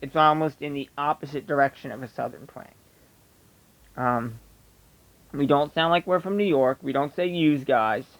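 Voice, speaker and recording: A man's voice: on the high side, normal speed, long pauses, a bit bright, poor audio. Blunt, opinionated man with a Delco accent. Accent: Delco (Philadelphia area). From Delaware County, Pennsylvania. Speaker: vlogger. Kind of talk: casual ranting monologue.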